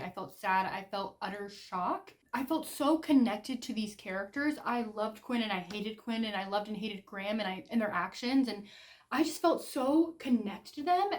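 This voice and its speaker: A young woman talks straight to her camera in a casual reading vlog. She gushes and rambles, and "like" fills nearly every sentence. Her pitch sits in the middle for a woman. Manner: chatty and gushing, heavy use of "like". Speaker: book vlogger.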